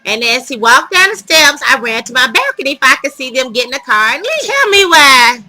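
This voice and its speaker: A woman vlogger telling a dating story to her viewers in casual, animated storytelling, dramatic and laughing as she goes. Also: high voice, brisk, low-quality recording.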